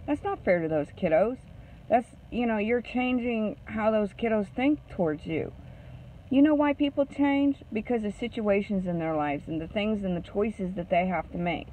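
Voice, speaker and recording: A woman's voice: medium pitch, expressive, normal speed, mellow, a little hiss or hum. A woman counselor from Maine, giving blunt advice in a lecturing way and ending her points with a questioning "okay?". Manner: blunt, scolding. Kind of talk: advice talk. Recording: phone-like narrow sound.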